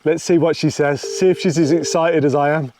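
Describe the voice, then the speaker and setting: A man's voice: fairly high pitch, fairly even intonation, brisk, dark tone, slight background noise. A young man vlogging outdoors on a hillside, chatty and enthusiastic as he talks to camera. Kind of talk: casual vlog to camera.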